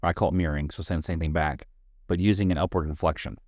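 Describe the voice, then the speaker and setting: A low-pitched man talks through ideas in a reflective, thinking-aloud way, giving plain examples as a counselor on a talk show. The sound is dry and close, with no room echo. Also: fairly even intonation, quick pace, darkish tone. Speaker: family counselor and co-host. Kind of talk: conversational podcast discussion.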